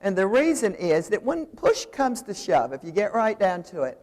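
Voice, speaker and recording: An older woman giving a lively, discursive seminary lecture while explaining at a drawing board. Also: mid-range voice, normal speed, few pauses. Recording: reverberant lecture hall.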